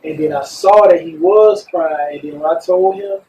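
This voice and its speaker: A man talking casually as a podcast co-host, animated and emphatic, swearing freely. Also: a little high, moderate pace, far from the mic, slight background noise, rough recording. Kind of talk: casual chat. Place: recording studio.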